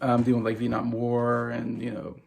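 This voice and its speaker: A man's voice: mid-range voice, completely flat delivery, normal speed, gravelly, darkish tone, a little hiss or hum. A man in his forties talking casually and enthusiastically about favorite movies, rambling with many fillers and restarts. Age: 40s. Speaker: movie vlogger.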